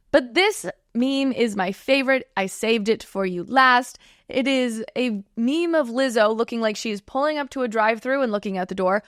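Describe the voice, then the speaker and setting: A woman's voice: a little high, dry recording, studio quality. Chatty woman hosting a commentary show. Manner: chatty and sarcastic, laughs often. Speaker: host of a political commentary show. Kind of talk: casual commentary.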